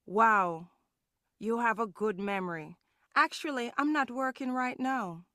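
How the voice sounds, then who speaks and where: A friendly woman with a Caribbean English accent, chatting with an old acquaintance. She speaks slowly and a little high, with a dry, close recording. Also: a bit bright, dry recording. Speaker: textbook dialogue character. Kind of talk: scripted textbook audio dialogue.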